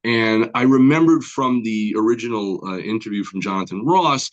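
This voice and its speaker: A man, a comic book artist being interviewed, telling his story in a rambling, animated way with many fillers and restarts, acting out the other people in it. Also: fairly low pitch, moderate pace, lo-fi sound.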